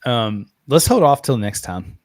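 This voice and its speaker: A laid-back man from Arkansas, chatting casually with his co-host and the viewers. His voice is middle-pitched and sounds close and dry, with no room around it, as he keeps things easygoing. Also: unhurried, no echo. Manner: relaxed, laid-back, laughs easily and says "man" often. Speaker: podcast host. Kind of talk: casual live-stream chat.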